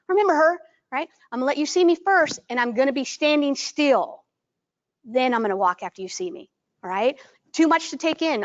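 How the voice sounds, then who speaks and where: A high-pitched woman teaches a workshop audience, animated and lively in delivery. She keeps checking whether the room is following her. The recording sounds dull and lo-fi. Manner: animated, acts out greetings in a bright voice; asks the audience frequent check-in questions. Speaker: trainer. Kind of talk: live workshop presentation.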